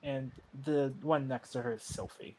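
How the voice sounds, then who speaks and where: A man playing at a tabletop game, talking in a halting, rambling way and repeating himself. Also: medium pitch, fairly even intonation, a little mellow. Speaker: player. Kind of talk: casual chat at a game table.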